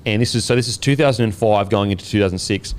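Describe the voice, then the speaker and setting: An Australian man in his thirties hosting a podcast, telling a story in a casual, animated way and swearing freely. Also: lowish voice, fast talker, a little hiss or hum. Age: 30s. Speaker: podcast host and former rugby league player.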